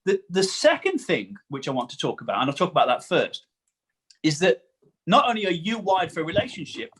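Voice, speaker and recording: A man's voice: high-pitched, very animated, fairly quick, fairly bright tone, husky. A man preaching a sermon in an earnest way, often repeating words for emphasis.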